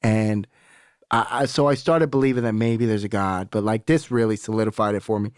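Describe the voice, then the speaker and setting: A man's voice: fairly low pitch, fairly even intonation, fairly quick, a little mellow, smooth, no room sound, studio quality. A young adult man, a podcast guest, telling a candid personal story in casual talk, swearing freely and acting out the voices of people he quotes.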